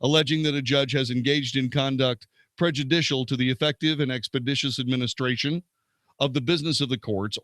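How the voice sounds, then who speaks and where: A man's voice: medium pitch, a bit bright, no echo. A man hosting a show, reading legal texts aloud and commenting, stumbling and correcting himself now and then. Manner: reads steadily, stumbling and correcting himself at times. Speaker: host.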